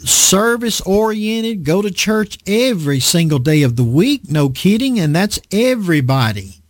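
A male preacher delivers a conversational sermon in an animated way and keeps asking his listeners rhetorical questions. His voice sits a little high and swings widely in pitch. The sound is dry and close. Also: unhurried, no room sound. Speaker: preacher teaching a Bible lesson.

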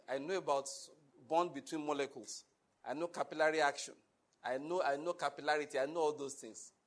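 A man preaching a sermon, emphatic and full of rhetorical questions to the congregation. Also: fairly high pitch. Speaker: pastor.

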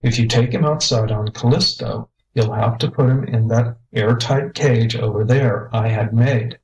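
A man's voice: mid-range voice, steady tone, a little slow, a little mellow, close to an everyday voice, poor audio. A man reading as a friendly spaceship crewman. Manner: easygoing, chuckling. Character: tall spidery friendly male crewman.

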